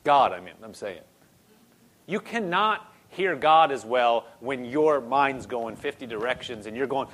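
A man's voice: mid-range voice, lively intonation, measured pace, fairly bright tone. A man preaching a conversational sermon, repeating phrases and rising into emphatic bursts.

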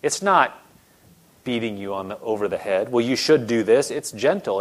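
A man's voice: mid-range voice, moderate pace, pauses often. A man preaching a sermon in an earnest, conversational way, acting out the voices he quotes. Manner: starts animated, later softens to a quiet gentle tone.

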